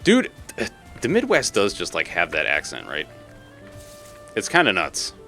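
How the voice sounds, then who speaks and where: A man's voice: low voice, huge pitch swings, normal speed, gravelly, sharp tone, faint music behind. A man from Massachusetts chatting casually on a live stream while gaming, rambling, laughing and swearing freely.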